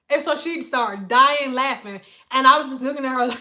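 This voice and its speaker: A woman from Detroit, a hairstylist, telling a profane, animated story on a livestream. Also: high voice, fairly quick. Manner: animated, profane, thanks donors mid-story.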